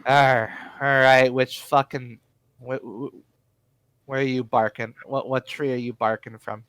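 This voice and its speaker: A man's voice: mid-range voice, flat delivery, unhurried, fairly bright tone, clear, resonant tone, dry recording, natural voice. A man voicing an evasive captured male criminal who stammers and restarts as he dodges questions. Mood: grumbling.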